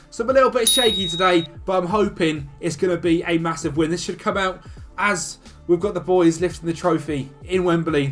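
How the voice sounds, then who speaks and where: Male video host, casual commentary, chatty and upbeat, slightly high voice. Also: a bit bright. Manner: chatty, upbeat, talks fast through stats. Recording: faint music behind.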